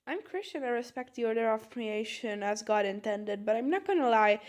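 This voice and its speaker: A woman reading social media posts aloud for comedy, swinging between deadpan mutters and loud outbursts. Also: medium pitch, unhurried.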